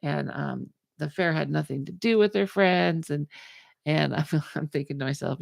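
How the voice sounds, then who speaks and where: Low gravelly woman host, animated storyteller, dry close sound. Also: normal speed, dry recording. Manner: animated, acts out the people in her story. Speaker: podcast host. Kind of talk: casual storytelling chat.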